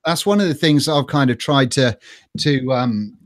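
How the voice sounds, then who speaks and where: A man's voice: medium pitch, moderate pace, no room sound, studio quality. A man hosting a casual interview, chatty and rambling with many fillers. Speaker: host.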